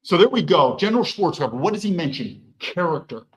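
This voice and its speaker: A heated male host delivers political commentary, firing rhetorical questions and swearing freely. His voice sits high and swings animatedly. The room adds a roomy echo. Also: very animated, a little fast, a bit bright, faint music behind. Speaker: podcast host. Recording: echoey room.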